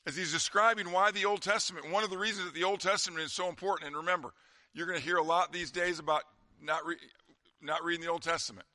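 A man preaching a sermon as pastor, talking conversationally and dropping to a quiet voice for emphasis. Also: fairly high pitch, fairly even intonation, fast talker, dry recording.

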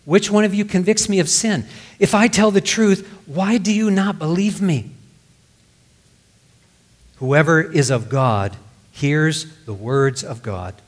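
A man's voice: a little high, takes it slowly, long pauses. A man preaching a sermon, reading scripture aloud and explaining it in plain words. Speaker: pastor.

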